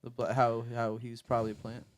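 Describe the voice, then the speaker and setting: A man's voice: mid-range voice, monotone, fast talker. A young man co-hosting a podcast, talking in a loose, rambling way with plenty of dude and bro. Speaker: podcast co-host. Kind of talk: casual chat.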